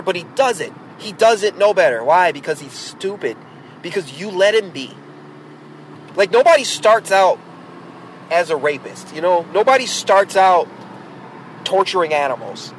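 Podcast host, male, high-pitched, blunt and exasperated, rambling rant, faint traffic behind. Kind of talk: ranting monologue.

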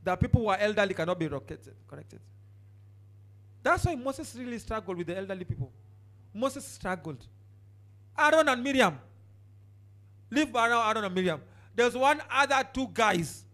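A man preaching a sermon, jumping from shouted outbursts to quiet asides and telling the congregation to turn to their neighbors. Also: very high-pitched, lively intonation, moderate pace, pauses often. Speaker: pastor.

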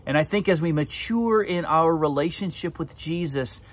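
A man as a pastor, giving a devotional sermon with a prayer, drawing out his words for emphasis. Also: fairly high pitch. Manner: slow, deliberate, drawn-out emphasis.

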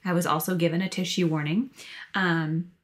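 A woman's voice: fairly low pitch, fairly even intonation, moderate pace, a little hiss or hum. A woman co-hosting a reaction channel, chatting casually and rambling through many ums and restarts. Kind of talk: casual chat.

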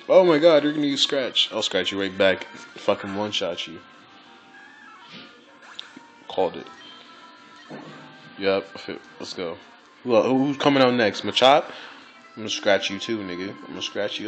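A man giving casual, excitable gameplay commentary, swearing, laughing and repeating phrases. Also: lowish voice, poor audio.

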